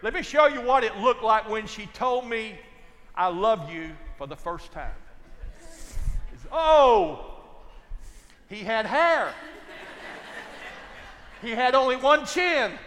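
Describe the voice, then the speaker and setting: Older man, preaching, high-pitched, folksy, loud-to-soft swings. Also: very animated, slow, pauses often, long reverb tail. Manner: wide swings from loud to hushed, folksy storytelling. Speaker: pastor. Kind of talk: sermon.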